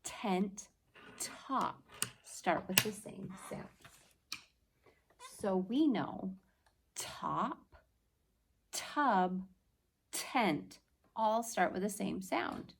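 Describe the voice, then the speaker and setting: A female teacher leads an early-reading phonics lesson, patiently sounding out words slowly and clearly for young children. Her medium-pitched voice is animated, with a little hiss or hum in the recording.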